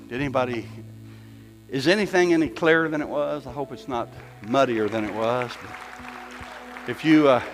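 A man preaching a sermon as pastor, folksy, repeating his phrases and swinging from loud to hushed. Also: mid-range voice. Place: church sanctuary. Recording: long reverb in a church hall with soft music behind.

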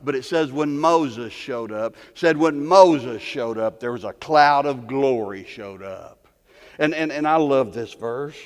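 A man preaching a sermon, impassioned, building to near-shouting peaks, with many repeated words. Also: medium pitch, unhurried. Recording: long hall reverb.

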